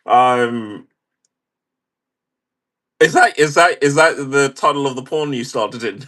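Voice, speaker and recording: Male streamer, casual wry chat, bright tone, unhurried delivery. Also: mid-range voice. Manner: chatty, wry, reads chat aloud and laughs. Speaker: livestream host. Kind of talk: casual chat reading viewer comments.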